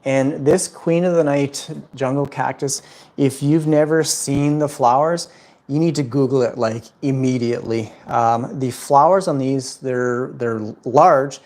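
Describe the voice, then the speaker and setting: A man hosts a laid-back livestream from his home, answering viewer questions about houseplants. His voice sits at an ordinary middle pitch. He rambles cheerfully, leaning on lots of "um" and "like" as he goes. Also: measured pace, a little mellow. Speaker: plant livestream host. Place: at home indoors.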